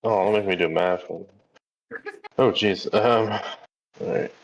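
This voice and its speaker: A man's voice: deep voice, fairly even intonation, slow, vocal fry. A man playing in a casual tabletop game, flustered and poking fun at himself over the math. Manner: flustered and self-deprecating. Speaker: player. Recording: dull lo-fi mic.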